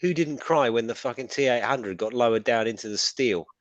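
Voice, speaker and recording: A man co-hosting a casual live stream, animated and emotional, swearing freely as he tells stories. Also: mid-range voice, fairly quick, dry recording, highs cut off. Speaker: podcast co-host.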